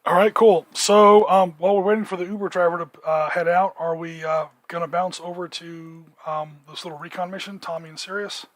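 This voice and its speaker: A man with a high voice for his sex narrates and explains rules as game master of a tabletop game. He talks in a relaxed way, dotted with fillers, and his voice sounds dry and close to the mic. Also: a little fast, hardly any pauses, no room sound.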